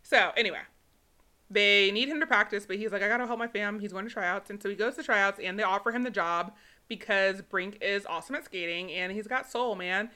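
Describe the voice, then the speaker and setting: A woman's voice: mid-range voice, brisk, pushed and bright. A young woman co-hosting a podcast, chatting casually and playfully as she recaps a movie plot. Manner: chatty, playful, mimics characters. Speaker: podcast co-host.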